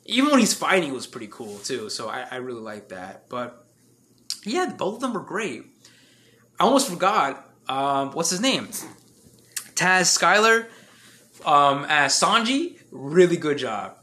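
A young man chatting casually as podcast co-host, animated and laughing often, putting on voices when he quotes people. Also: fairly high pitch, a little slow. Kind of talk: casual chat.

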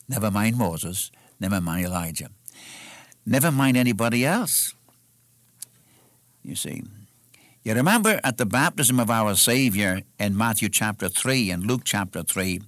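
A man's voice: on the low side, fairly bright tone, dry recording, studio quality. A man preaching a sermon, earnest and emphatic, addressing the listener directly as his friend.

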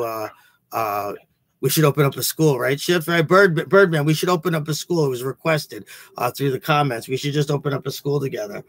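A man's voice: mid-range voice, creaky, fairly bright tone, dry recording. A man hosting a podcast, a teacher talking in a rambling, profane, casual way with many restarts. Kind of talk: casual chat.

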